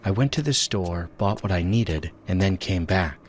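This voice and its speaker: Deep-voiced male horror narrator. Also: animated, normal speed, a little hiss or hum. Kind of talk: scripted horror story narration. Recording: voice-over with music behind.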